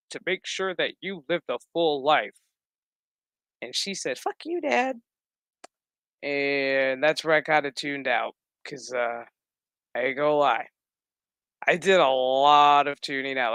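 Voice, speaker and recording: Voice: medium pitch, fairly bright tone, dry recording. A vlogger recapping a TV episode in casual, rambling commentary, profane and sarcastic throughout.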